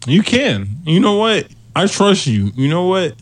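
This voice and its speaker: A man's voice: sits high, sing-song, a little slow, dry recording. A man hosting a podcast, talking in loose, profane, jokey banter and laughing easily. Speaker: podcast host. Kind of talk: crude casual podcast banter.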